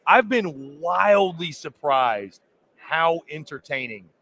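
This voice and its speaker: A man with a slightly high voice co-hosting a sports talk show. He keeps it loose and conversational and trades takes with his partner. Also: lively intonation, takes it slowly, a crowd in the background. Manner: conversational, loose, with fillers and restarts.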